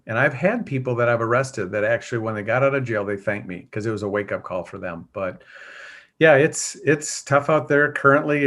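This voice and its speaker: A man's voice: mid-range voice, a bit bright. Earnest male former police officer. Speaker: guest, former police officer launching a church. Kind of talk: conversational interview.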